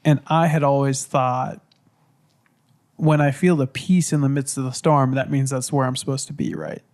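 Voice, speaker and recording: A man's voice: medium pitch, moderate pace, a little mellow. A man hosting a podcast in casual chat, stuffy from a cold, talking in an earnest, reflective way. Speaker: podcast host.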